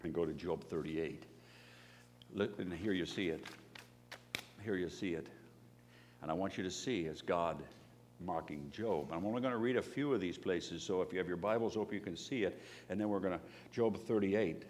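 A man preaching a sermon, animated, who swings into loud emphatic bursts when acting out pleas and reading scripture. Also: on the low side, moderate pace. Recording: long hall reverb, faint hum.

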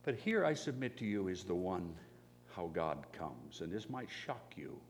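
Animated preacher in an echoing hall. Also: male voice, sits low, normal speed. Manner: animated, rising to loud emphatic bursts when acting out pleas and scripture. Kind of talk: sermon. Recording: long hall reverb, faint hum.

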